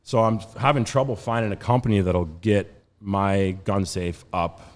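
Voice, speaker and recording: A man in his thirties, a podcast guest, telling a story in a casual, animated way with lots of laughs and fillers. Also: on the low side, moderate pace. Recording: roomy studio reverb.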